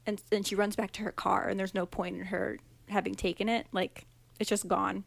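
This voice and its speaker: A woman talks casually as a podcast co-host, jumping in to fill in plot points. Her delivery is chatty and relaxed, recorded dry and close. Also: mid-range voice, vocal fry, dry recording. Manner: chatty, quick to add plot details. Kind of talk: casual chat.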